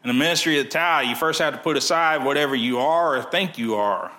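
A male pastor with a bright, forward voice delivers a sermon in an easy, conversational way. He talks straight to the congregation and sometimes drops his voice almost to a whisper. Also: medium pitch, fast talker. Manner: conversational preaching, drops to near-whisper at times.

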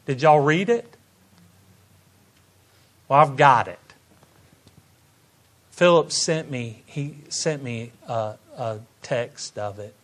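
A man preaching a sermon, moving between quiet, drawn-out asides and loud bursts of praise. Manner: swings from soft, slow asides to loud, high exclamations of praise. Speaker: pastor.

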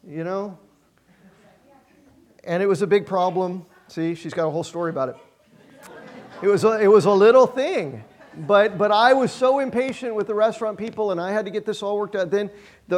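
A man's voice: high voice, a little mellow. A middle-aged male pastor preaching a sermon in a conversational, self-deprecating way, repeating phrases for emphasis.

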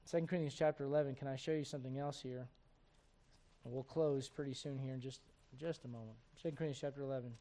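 A man preaching a sermon as pastor, firing rhetorical questions at the congregation and acting out the voices he quotes, swinging from loud emphasis to quiet asides. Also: medium pitch, steady tone, fast.

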